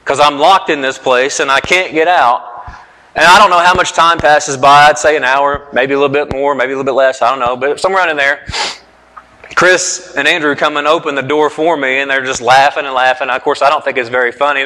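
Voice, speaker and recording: A man's voice: medium pitch, steady tone, fairly quick, bright, forceful tone, big-room sound, rough recording. A middle-aged man preaching a sermon, telling stories earnestly and repeating phrases for emphasis. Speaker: pastor.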